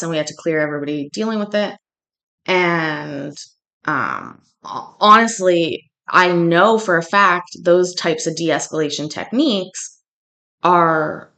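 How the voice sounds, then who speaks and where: A woman from Canada tells a long story in casual chat, and her voice sits a little on the low side. She rambles and restarts her sentences often, and she gets animated when she acts out what people said. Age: adult, has a daughter. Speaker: livestream host.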